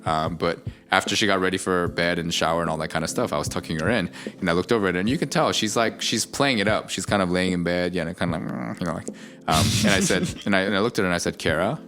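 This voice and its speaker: A man's voice: low-pitched, fast talker, music in the background. A middle-aged man, a pastor, talking casually on a podcast about his family, reflective and full of small fillers. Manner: reflective storytelling with many fillers.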